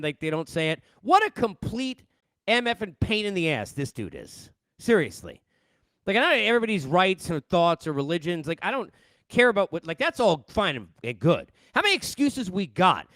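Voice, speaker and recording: A man's voice: high-pitched, a bit bright, no room sound. A middle-aged man from New York, a sports host, ranting casually into a headset mic with exasperated rhetorical questions.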